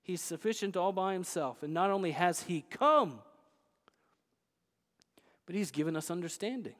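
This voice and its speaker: A man preaching a sermon as pastor, emphatic, swinging between loud declarations and hushed asides. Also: sits high, lively intonation, normal speed, big-room sound.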